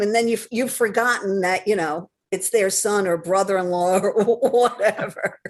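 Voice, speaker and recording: A woman author chatting as a podcast guest, telling things in a lively, animated way. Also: medium pitch, normal speed. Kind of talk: casual podcast chat.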